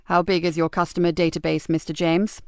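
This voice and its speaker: A woman reading an audiobook, voicing a calm, polite male police detective. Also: fairly low pitch, brisk, clear, resonant tone, dry recording, clean studio sound, lightly acted. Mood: measured.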